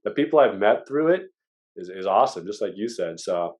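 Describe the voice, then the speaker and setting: A man chatting as a podcast guest, telling lively stories and acting out what people said. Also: on the low side, brisk. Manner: lively storyteller who acts out quotes. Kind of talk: casual chat.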